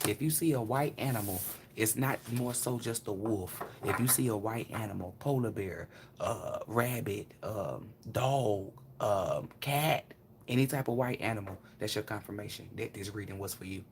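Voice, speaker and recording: A woman with a low, gravelly voice runs a casual live-stream tarot reading. She is blunt and chatty, swears freely, and talks to her viewers as if they were friends. There is a faint hum of noise behind her. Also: moderate pace. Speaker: tarot reader.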